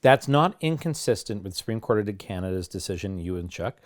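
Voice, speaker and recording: A man's voice: fairly low pitch, animated, brisk. A middle-aged man co-hosting a podcast, talking about a court ruling in a teasing, sarcastic and pushy way. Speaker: podcast co-host, lawyer. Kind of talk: casual legal debate.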